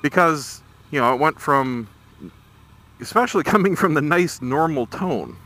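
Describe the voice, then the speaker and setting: A middle-aged man telling a story on a casual vlog while riding a motorcycle through town traffic, irritated but measured. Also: on the high side, animated, sharp tone. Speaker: motovlogger.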